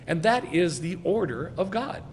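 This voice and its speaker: A man giving a sermon as a rabbi, speaking with emphasis and swelling loud on key phrases. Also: high voice, expressive, normal speed, long reverb tail, slight background noise. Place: congregation sanctuary.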